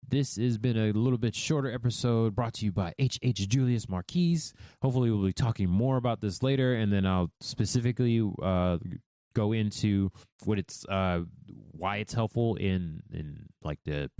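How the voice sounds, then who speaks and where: An American man hosts a podcast of reflective solo talk, speaking candidly and thoughtfully while often restarting his sentences. His voice sits fairly low with a darkish tone, recorded at studio quality with no echo.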